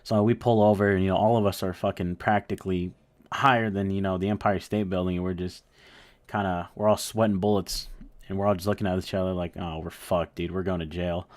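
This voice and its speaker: A man's voice: deep voice, flat delivery, quick pace. A young man casually telling a story, rambling and swearing with lots of fillers. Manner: rambling, profane, full of fillers.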